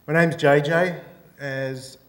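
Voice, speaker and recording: A man's voice: on the high side, steady tone, takes it slowly. A man from Australia with an Australian accent, giving a playful, joking talk to an audience as guest speaker. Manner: playful, joking, sings out greetings. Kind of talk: lively stage talk with jokes. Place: campus auditorium.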